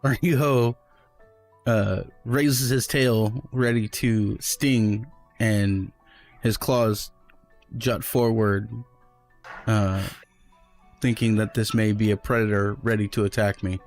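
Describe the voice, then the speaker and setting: Low, slow man narrating his character. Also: steady tone, a little mellow, faint music behind. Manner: slow, measured. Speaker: player.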